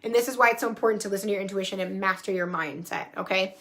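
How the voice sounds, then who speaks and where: Bright-voiced, chatty woman telling a story. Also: medium pitch, rapid-fire. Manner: animated, profane, chatty storytelling. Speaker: spiritual coach and vlogger. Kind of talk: casual storytelling vlog. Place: her home, indoors. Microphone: phone camera.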